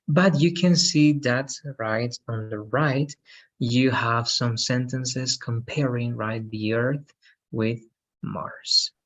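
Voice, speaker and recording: A teacher saying "right?" all the time, husky. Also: male voice, medium pitch, highs cut off. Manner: says "right?" after most sentences. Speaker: English teacher. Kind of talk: online English lesson.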